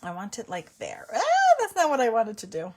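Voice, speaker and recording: A woman's voice: medium pitch, sing-song, brisk, a little mellow. A woman hosting a live card-making tutorial, chatting with viewers in a giggly, chatty way. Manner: chatty, giggly, breaks into helpless laughter. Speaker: card-making livestream host.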